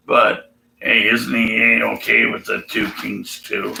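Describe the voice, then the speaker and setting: A man's voice: mid-range voice, steady tone, a little slow, vocal fry, sharp tone, roomy sound, low-quality recording. A man ranting sarcastically and profanely while reading scripture aloud. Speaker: atheist video commentator.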